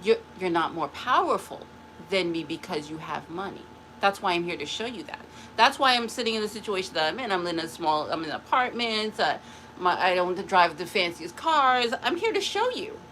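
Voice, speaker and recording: A woman's voice: on the low side, expressive, normal speed, a bit bright, a little hiss or hum, poor audio. A woman talking to camera in a spiritual vlog, taunting an unnamed rival and then chatting in a rambling way. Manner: rambling with restarts and laughs. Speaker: vlogger.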